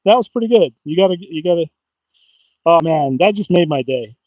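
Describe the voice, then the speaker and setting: High-pitched guy chatting on a fishing livestream outside, dry muffled sound, gets excited easy. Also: a little fast, no echo. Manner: excitable, chatty, bursts into whoops and laughs. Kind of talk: casual live-stream chat. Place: outdoors by the water.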